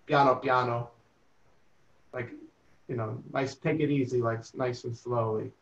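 A man's voice: mid-range voice, steady tone, moderate pace, a little mellow, highs cut off. A man leading a casual group lesson, explaining meanings patiently and repeating phrases. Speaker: Italian teacher.

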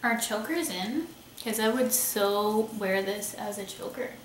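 A young woman talks slowly and chattily, clearly delighted with each piece she holds up. Her voice comes from a little way off the mic in an echoey room, with a faint hiss underneath. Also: mid-range voice. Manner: chatty, enthusiastic, thinking aloud while showing items. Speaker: beauty vlogger. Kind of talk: casual haul video. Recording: roomy echo, somewhat far from mic, faint hiss.

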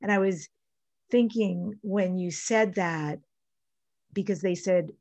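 A middle-aged woman hosting a podcast, responding to her guest in a warm, affirming way. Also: mid-range voice, slow, no echo. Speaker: podcast host. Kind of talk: interview conversation.

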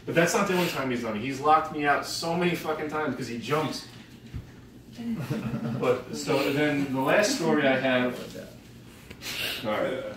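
A man with a mid-range voice tells a group rambling, profanity-laden stories about his dog, laughing as he goes, in a casual tribute. He speaks at normal speed with frequent pauses, far from the mic, in a very echoey space with a crowd and noise behind him.

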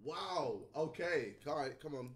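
A man doing casual reaction commentary, exclaiming and laughing, with a gravelly voice. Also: on the high side, expressive, measured pace. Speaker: reaction youtuber. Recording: noisy.

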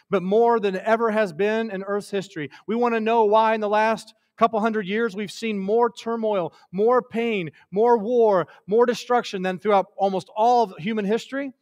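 A man preaching a sermon with passion, rising to loud declarations and dropping to hushed, tender lines. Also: sits high, steady tone, normal speed. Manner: impassioned, swings from loud to hushed.

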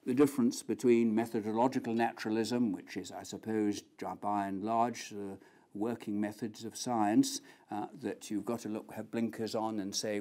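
A man's voice: on the low side, little pitch movement, normal speed, mellow. A man giving an academic lecture on philosophy, telling stories and acting out the quoted voices.

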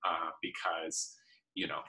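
A man's voice: sits low, level tone, slow pace, creaky, bright, forceful tone, echoey room, low-quality recording. A man teaching a recorded vocabulary lesson in a playful way, repeating words with big exaggerated tones. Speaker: Mandarin teacher.

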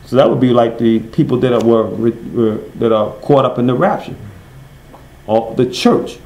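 A man leads a Bible study, quizzing his class and then answering his own questions. He slows right down to read verses, leaning on each word. His mid-pitched voice rings around an echoey room. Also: vocal fry, a little mellow. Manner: reads verses slowly and stresses each word. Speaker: Bible teacher.

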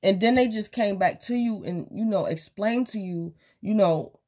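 A woman's voice: mid-range voice, normal speed, few pauses, a little mellow. A woman casually giving a tarot reading, speaking straight to the viewer and acting out quotes from imagined people. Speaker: tarot reader.

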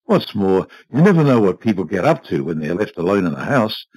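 A man's voice: low voice, big pitch swings, a little fast, darkish tone, dry recording, poor audio. A man voicing a cold, domineering old husband who speaks curtly and dismissively. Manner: curt, dismissive, clipped.

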